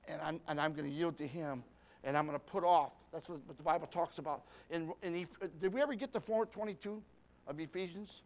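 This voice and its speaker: A man's voice: on the high side, fairly quick. A man preaching a sermon, telling a folksy story with lots of repetition and rhetorical questions.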